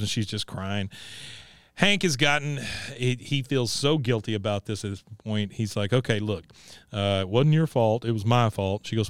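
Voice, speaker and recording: A man co-hosting a podcast, casually recapping an episode and quoting the characters with animated delivery. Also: fairly low pitch, normal speed, clear, resonant tone, no room sound, clean studio sound. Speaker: podcast co-host. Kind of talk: casual recap chat and ad read.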